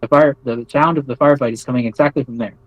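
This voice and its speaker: A man's voice: medium pitch, steady tone, quick pace, dry recording, highs cut off. A man with an American accent telling a long story as an interview guest, casual and rambling, full of fillers and restarts. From United States. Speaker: interview guest recounting experiences.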